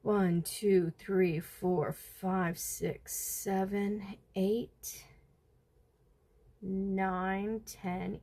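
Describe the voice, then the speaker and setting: Slow-talking woman chatting while crocheting. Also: mid-range voice, fairly even intonation, mellow. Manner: counts stitches aloud under her breath, chats with viewers. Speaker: livestream host. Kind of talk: casual crochet livestream chat.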